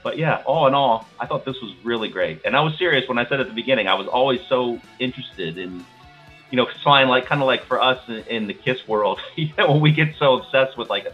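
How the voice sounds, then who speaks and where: A man's voice: medium pitch, brisk, faint music behind. A man hosting a podcast, chatting enthusiastically and rambling a little as he goes. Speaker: podcast host. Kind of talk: casual chat. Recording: dull lo-fi sound.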